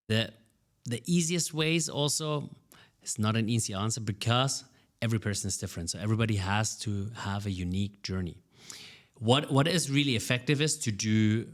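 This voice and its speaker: A man with a lowish voice answers interview questions about his work as a public speaking coach. He talks with lively energy and often stumbles over his first words before finding his point. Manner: energetic, animated, repeats words when starting sentences.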